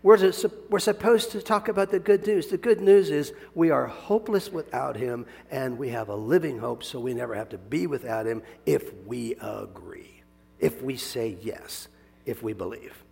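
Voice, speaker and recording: Preaching in a large hall, this male pastor speaks at a medium pitch and moderate pace with a creaky quality. He's animated, chuckles a lot, and swings from quiet asides to loud bursts of emphasis.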